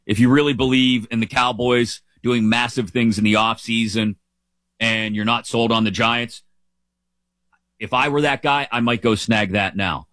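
A middle-aged man talks sports in a casual, emphatic way, full of opinions and joking asides. His voice sits at an average pitch. It is recorded close and dry, with no room echo. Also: fairly even intonation, normal speed, fairly bright tone. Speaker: sports podcast host.

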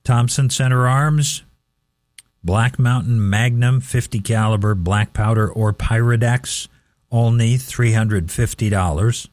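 Midwestern male local radio host, slow and chatty, dry studio sound. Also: mid-range voice, darkish tone, dry recording. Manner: slow, chatty, repeats numbers carefully. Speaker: radio swap shop host. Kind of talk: casual radio classifieds reading.

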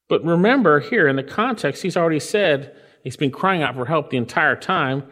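A man preaching a sermon, reading scripture aloud and explaining it with lively emphasis. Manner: lively, rises in pitch for emphasis. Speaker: pastor. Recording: reverberant hall.

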